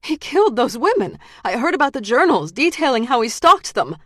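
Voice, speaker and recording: A woman reading the lines of a frightened young woman held at gunpoint, pitched up and pleading. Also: sing-song, fairly quick, a bit bright, no room sound, clean studio sound, full character voice. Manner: high, pleading, frantic. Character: terrified young woman facing her captor.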